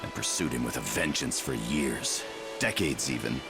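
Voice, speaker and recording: A grieving older man in a video game, speaking in a very deep, gravelly voice. He is resolved to face his past. Music plays clearly behind him. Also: lively intonation, moderate pace, exaggerated voice. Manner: cheerful at first, then sorrowful and resolute. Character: older man whose lost family memories return, grieving.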